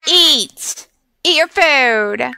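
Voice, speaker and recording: A woman's voice: high-pitched, animated, drawn-out words, creaky, noisy background. A woman hosting gameplay commentary, bossing and scolding the characters in her game. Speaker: let's play host.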